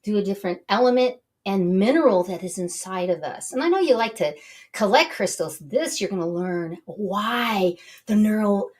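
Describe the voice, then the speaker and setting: A woman's voice: mid-range voice, lively intonation, moderate pace, a little mellow. A woman hosting her own show, introducing the episode in a bubbly, gushing and enthusiastic way. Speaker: show host.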